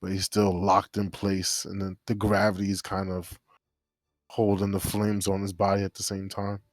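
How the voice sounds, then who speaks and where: Low-voiced, laid-back gamer describing his turn. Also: monotone, normal speed, dry recording, clean studio sound. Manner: low-key, rambling description of his actions. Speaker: player. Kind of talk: casual tabletop game chat.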